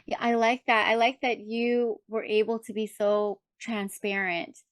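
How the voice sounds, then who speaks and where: A middle-aged woman podcast host interviewing her co-host in casual chat, affirming and warm, circling back on her words as she thinks. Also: a little high, little pitch movement, measured pace, smooth, no echo.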